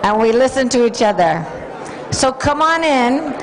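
Woman, conference emcee, upbeat commands, higher pitch, audience chatter. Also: expressive, measured pace. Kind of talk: energetic stage hosting. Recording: crowd noise in a conference hall.

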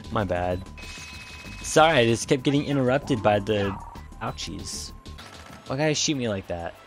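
Man, game streamer, goofy, playful, animated pitch, faint music behind. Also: normal speed. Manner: goofy, playful, jokey yelps of pain. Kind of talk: casual let's-play commentary.

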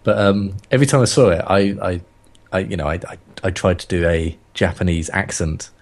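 A man joining a casual podcast chat, animated, with stumbling restarts. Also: sits low, brisk.

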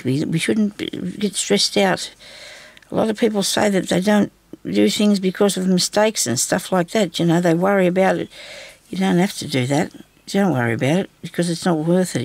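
Chatty woman with gravelly voice. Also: on the low side, normal speed, a little mellow, no echo. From Australia. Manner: chatty, reassuring, talks to herself while working. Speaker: craft tutorial host. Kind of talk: casual craft tutorial talk.

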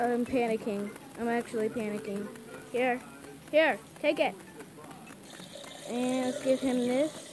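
A woman's voice: fairly high pitch, poor audio. A woman giving casual, frantic commentary while playing a game, pleading with customers and talking herself through each step. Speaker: gameplay commentator. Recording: game sizzle and frying sounds clearly under the voice.

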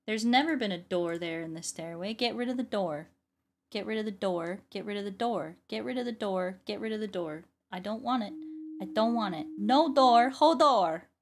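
A woman's voice: mid-range voice, brisk. A woman who makes videos and ASMR, chatting casually while she plays a game, often repeating her phrases. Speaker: YouTuber and ASMR artist. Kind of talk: casual gameplay commentary.

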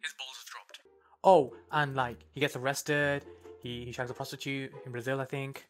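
A man's voice: mid-range voice, level tone, normal speed, faint music behind, lightly acted. Young man doing his mumbling future self. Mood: offhand. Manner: mumbling, hesitant, offhand.

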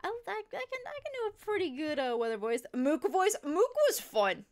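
A woman's voice: sits high, sing-song, normal speed, few pauses. A young woman casually chatting and swearing as she streams a farming game. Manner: chatty, swearing, self-mocking. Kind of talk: casual gameplay commentary.

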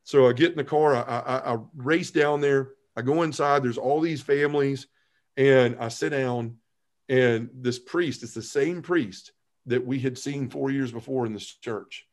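Earnest man telling his testimony. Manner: earnest storytelling, halting restarts, drops low when emotional. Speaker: podcast guest. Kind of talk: personal testimony in conversation.

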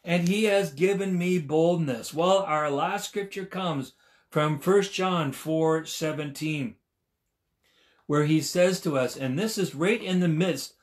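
Emphatic high-voiced preacher in his sixties. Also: takes it slowly. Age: 60s. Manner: emphatic, repeats key phrases for stress. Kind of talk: sermon.

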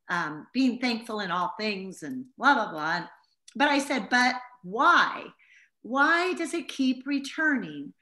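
A woman's voice: medium pitch, a bit bright. A middle-aged woman giving an informal Bible teaching to a small group, telling stories in an earnest, heartfelt way.

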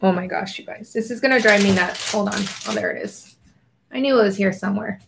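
Over a noisy background, a young woman hosts a casual art journaling livestream, talking with viewers while she paints and occasionally murmuring quietly to herself. Her creaky, mid-range voice moves fairly quickly.

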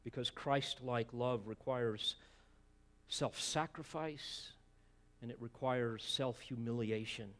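A man's voice: mid-range voice, takes it slowly, fairly bright tone. A man preaching an expository sermon as pastor, emphatic, with rhetorical asides and repeated words as he presses a point.

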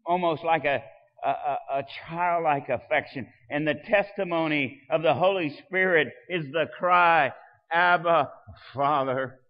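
A man preaching a sermon as pastor, swelling loud and dropping soft. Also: a little high, measured pace, in a large hall, lo-fi sound.

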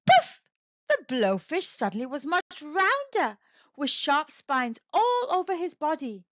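A woman narrating a children's storybook read-aloud in an expressive, sing-song way, speaking directly to kids. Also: high voice, unhurried, no room sound. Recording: dull, slightly lo-fi, dry.

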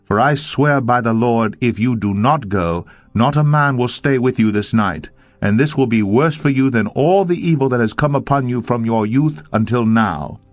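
A man voicing a stern male army commander who rebukes a king forcefully. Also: mid-range voice, moderate pace, dry recording, muffled recording, voice pushed up, lightly acted. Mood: reproachful. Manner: forceful, reproachful.

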